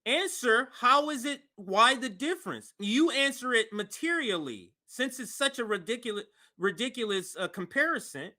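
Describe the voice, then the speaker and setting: A man's voice: extremely high pitch, animated, normal speed, few pauses, pushed and bright. A man hosting a reaction commentary, asking pointed, incredulous questions about a clip. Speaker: commentary host.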